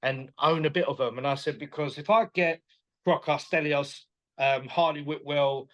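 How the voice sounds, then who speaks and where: A man, a boxing promoter chatting as a guest in an interview, animated and quick to laugh. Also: a little high. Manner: animated, enthusiastic, laughs often, retells dialogue. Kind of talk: casual interview chat.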